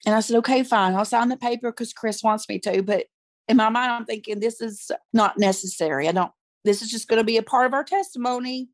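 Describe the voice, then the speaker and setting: A woman with a fairly high voice tells her own story as an interview guest. She speaks candidly and with animation, acting out the lines people said. The sound is dry and close, with no room echo. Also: a little fast. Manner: candid, animated retelling that acts out quoted speech.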